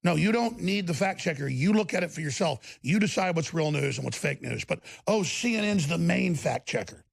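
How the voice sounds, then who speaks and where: Texan male host, sarcastic rant, raspy and gravelly. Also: on the high side, lively intonation, moderate pace, few pauses. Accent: Texas. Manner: sarcastic, scornful. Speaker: political commentary host. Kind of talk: ranting commentary.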